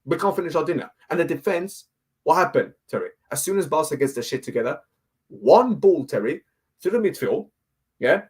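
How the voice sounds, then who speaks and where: Ranting man, husky voice. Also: a little high, animated, a little fast, darkish tone. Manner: ranting, repetitive, keeps asking "yeah?". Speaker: fan guest. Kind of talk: heated fan rant.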